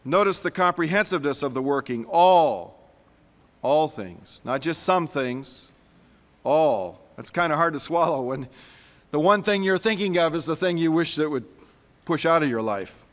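A man's voice: on the high side, lively intonation, measured pace, fairly bright tone, long reverb tail. A man preaching a sermon as a pastor, emphatic and repeating words for stress.

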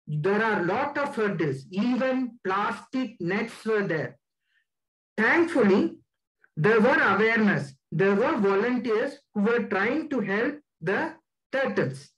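A man giving a slide presentation as a guest speaker, deliberate and stressing key words. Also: high-pitched, lively intonation, fairly bright tone, rough recording.

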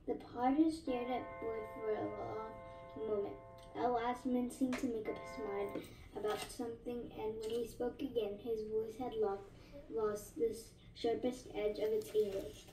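A woman reads a novel aloud in a steady way, fixing small slips as she goes. Her voice is mellow and pitched somewhat high. She sounds off-mic in an echoey room. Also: a little slow, distant mic. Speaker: narrator.

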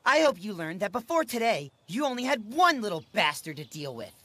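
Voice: medium pitch, sing-song, a little fast, pushed and bright. An actor playing a mischievous prankster who talks in a teasing, sarcastic way.

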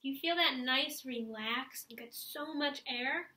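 Speaking slowly in a sharp, high-pitched voice, a woman leads a clarinet video lesson, guiding students through stretches and breathing one step at a time and encouraging them along. You can hear her breathe and sigh as she demonstrates. The audio is poor and reverberant.

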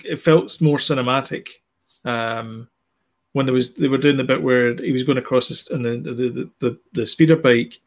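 A man's voice: mid-range voice, normal speed, creaky. Chatty man explaining with many restarts. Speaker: podcast co-host. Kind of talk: casual chat.

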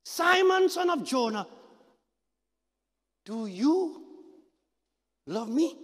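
A preacher acting out a pressing, insistent questioner. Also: male voice, very high-pitched, sing-song, very slow, long reverb tail, voice pushed up, heavily acted. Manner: loud, rising, emphatic repetition. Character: Jesus, pressing and probing questioner.

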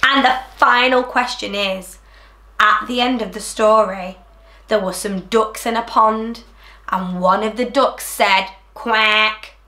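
A woman reading a rhyming picture book aloud to children in an animated, sing-song way, then talking to them directly. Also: medium pitch, measured pace, reverberant. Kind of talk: storybook read-aloud for children.

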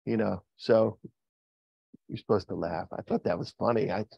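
A man's voice: moderate pace, gravelly, husky, dry recording, dull audio. A man preaching a sermon as pastor, joking and asking the congregation questions. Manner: joking, asks the congregation questions, lively swings in pitch. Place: church. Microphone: video call recording.

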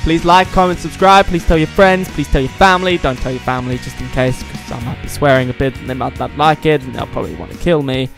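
A man's voice: medium pitch, fast talker, creaky, few pauses, over music. A young man hosting a let's-play, giving sarcastic, rambling commentary and swearing freely. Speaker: gaming channel host.

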